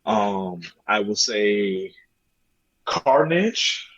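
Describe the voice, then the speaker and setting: A man on a movie podcast talking slowly and hesitantly, with many pauses and fillers. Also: fairly low pitch, animated, fairly bright tone, dull audio. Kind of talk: casual movie review chat.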